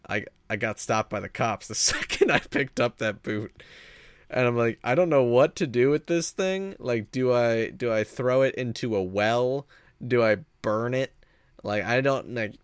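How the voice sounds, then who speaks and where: A man's voice: medium pitch, clear, resonant tone, no echo. Rambling young man, dry close sound. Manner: rambling, full of "like" and restarts, laughing at himself. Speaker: vlogger telling a story. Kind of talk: casual storytelling.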